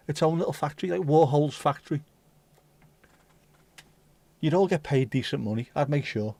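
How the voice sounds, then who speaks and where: A man's voice: mid-range voice, normal speed, pauses often, darkish tone, dry recording. A man hosting a livestream, chatting casually and swearing as he reads out and banters with viewer comments. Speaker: livestream host. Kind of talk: casual chat reading out live chat.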